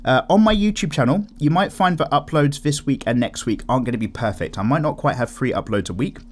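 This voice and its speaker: Chatty man with a lively voice. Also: mid-range voice, fairly quick, a little hiss or hum. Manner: rambling, animated, chatty. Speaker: YouTube art channel host. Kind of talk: casual chat while drawing.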